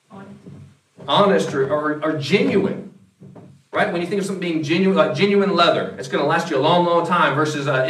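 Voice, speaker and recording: A man preaches a sermon in a talkative, conversational way, stumbling and restarting his words now and then. His voice sits a little high for a man. It comes across a room with plenty of echo, picked up from some distance. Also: slight background noise. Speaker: pastor. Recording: echoey room, mic at a distance.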